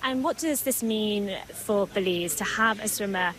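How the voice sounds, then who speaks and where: Female sports reporter, deliberate questioning, measured delivery. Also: mid-range voice, poor audio. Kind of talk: interview.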